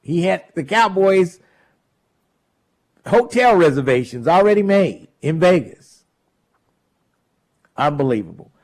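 A man's voice: high voice, slow, pauses often. A man hosting a call-in talk radio show, laughing and mocking callers. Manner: animated, laughs often, mocks callers.

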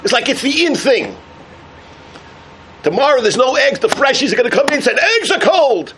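A man giving a sermon full of jokes and parables, telling them with energy and shouting out the punchlines. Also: very high voice, animated, fairly quick, a little hiss or hum. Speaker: rabbi giving a talk.

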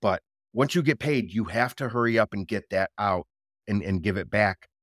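A man guest talking casually about his business in an interview, energetic and repeating words for emphasis. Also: lowish voice, moderate pace, no echo, studio quality. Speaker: guest, drone business owner.

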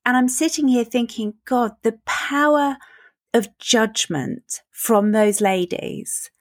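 A woman's voice: a little high, takes it slowly, no room sound. A woman hosting a podcast speaks with a light Belfast lilt. She is chatty and reflective, rambling a little as she thinks aloud. The recording is close and dry. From Northern Ireland and England. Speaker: podcast host. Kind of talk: podcast interview.

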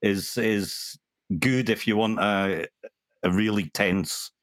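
A man's voice: lowish voice, fairly even intonation, slow, fairly bright tone, no room sound, clean studio sound. A man on a podcast chatting casually, keenly recommending films. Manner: enthusiastic recommending. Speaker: podcast guest. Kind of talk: casual chat.

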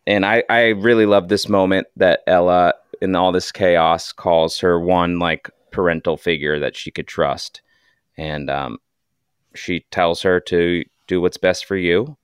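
Deep-voiced man, smooth and dry. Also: steady tone, unhurried, dry recording. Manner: enthusiastic recapping, asks questions. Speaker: co-host. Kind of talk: casual podcast chat.

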